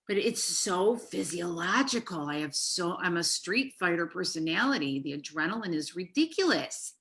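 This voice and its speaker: A woman talks on a podcast with a bright, clear voice. She tells stories in an animated, lightly swearing way, like a therapist chatting casually. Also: lowish voice, moderate pace, few pauses.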